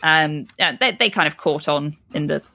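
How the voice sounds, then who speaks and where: Low gravelly woman, casual podcast chat. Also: normal speed, sharp tone. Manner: laughs often, swears casually. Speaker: podcast co-host.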